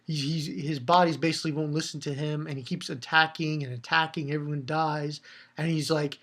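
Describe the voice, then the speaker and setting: A man giving a casual solo review, rambling in an animated way, swearing often and restarting his sentences. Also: on the high side, moderate pace. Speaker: manga reviewer.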